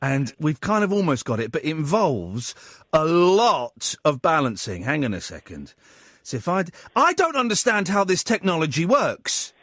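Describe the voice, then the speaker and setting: A man hosts a live radio show from his studio, chatting, joking and getting flustered as the gear misbehaves. His fairly high voice swoops up and down constantly. The studio mic sounds close and dry. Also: sing-song, moderate pace, fairly bright tone, no echo. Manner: chatty, flustered by tech, jokey. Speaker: radio host. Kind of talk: live late-night radio chat. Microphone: studio microphone.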